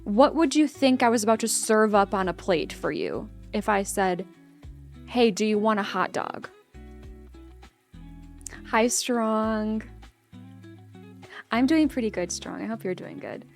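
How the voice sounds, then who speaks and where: A woman's voice: medium pitch, animated, measured pace, gravelly. A young adult woman streamer chatting casually with her live chat, rambling and cutting herself off mid-sentence. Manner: rambling, self-interrupting, chatty. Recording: faint guitar music behind. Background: faint guitar music.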